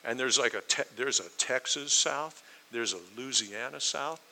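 An American man preaches a Bible-teaching sermon, putting questions to his listeners and acting out the scenes he describes. His delivery is animated and his tone is very bright and crisp. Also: medium pitch, a little slow, low-quality recording. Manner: animated, asks listeners questions, acts out quotes.

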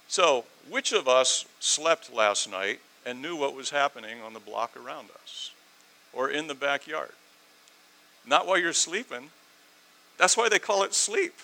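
Male preacher, bright tone, animated sermon delivery with sarcastic rhetorical questions. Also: poor audio. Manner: animated, swings from loud emphasis to low asides.

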